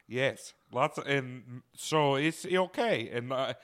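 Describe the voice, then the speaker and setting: A man co-hosting a podcast, telling stories in a casual, animated way, swearing and laughing as he goes. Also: mid-range voice, takes it slowly. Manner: animated, swears often, laughs mid-story. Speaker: podcast co-host. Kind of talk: casual storytelling chat.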